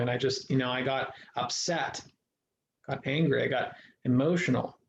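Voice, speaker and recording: A man speaks as an interview guest, earnest and reflective, circling back and restarting as he tells his story. His voice sits at an ordinary middle pitch. The recording is echoey and a little dull and lo-fi, with a faint hiss underneath. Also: fairly even intonation, moderate pace, creaky. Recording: echoey room, dull lo-fi sound.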